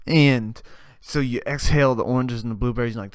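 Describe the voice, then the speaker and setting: A man's voice: mid-range voice, fairly quick, dry recording. Rambling young man, dry close sound. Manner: animated, swings between loud rants and quiet mumbling. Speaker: podcast host. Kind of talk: rambling comedic monologue.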